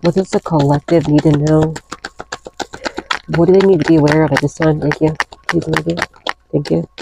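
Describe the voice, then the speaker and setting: A woman's voice: sits low, steady tone, brisk, vocal fry, noisy background. A woman giving a casual tarot reading, blunt and profane, rambling through restarts as she talks to her viewers. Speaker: tarot reader.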